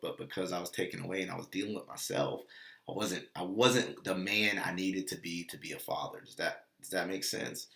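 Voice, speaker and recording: A man's voice: deep voice, creaky, fairly bright tone, echoey room. A man giving a casual, earnest motivational talk, repeating phrases and acting out bits of dialogue. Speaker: motivational vlogger and dog trainer.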